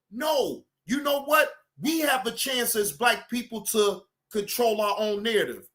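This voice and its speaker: High, bright-voiced man ranting loudly. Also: expressive, a little slow, few pauses. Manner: loud, profane, shouting at the audience. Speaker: live stream host. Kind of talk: heated ranting commentary.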